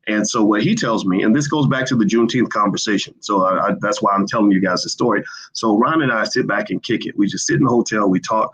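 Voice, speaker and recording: A man's voice: lowish voice, fast, hardly any pauses, a bit bright, breathy edge, rough recording. A man hosting a casual livestream, talking in a loose conversational way with many fillers and restarts. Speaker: livestream host. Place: indoors, hotel.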